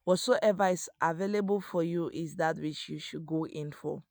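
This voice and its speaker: Speaking at a normal pace in a low, slightly mellow voice with no room sound, this African agriculture host narrates how to grow crops. Her instructional tone is earnest, addressed directly to the viewer.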